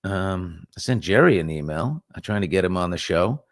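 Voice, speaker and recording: A middle-aged man from New York with a New York accent, hosting a morning chat show and telling stories in an animated, casual way. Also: sits low, normal speed, no echo, clean studio sound. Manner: animated storyteller, reads viewer comments aloud.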